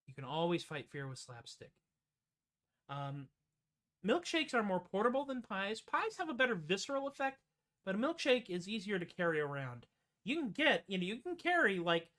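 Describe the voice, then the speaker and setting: A woman hosting a comedy music show, rambling wryly between songs with quick tangents and asides. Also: medium pitch, very animated, a bit bright. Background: guitar.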